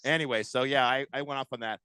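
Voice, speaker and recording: A man hosting sports talk radio banter in a studio, chatty and quick to interrupt and correct his co-hosts. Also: medium pitch, fairly even intonation, pushed and bright, smooth, dry recording, rough recording.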